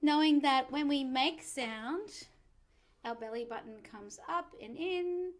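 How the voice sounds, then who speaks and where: A singing teacher leading a relaxed vocal warm-up lesson, chatty and encouraging with self-mocking asides. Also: female voice, sits high, slow pace.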